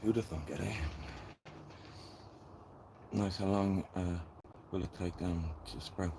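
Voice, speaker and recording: Deep-voiced Dublin man chatting live. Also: steady tone, slow pace, gravelly, background noise. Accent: Dublin Irish. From Ireland. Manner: chatty, rambling, talks to his viewers while working. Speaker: gardening channel host. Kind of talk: casual live-stream chat. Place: garden.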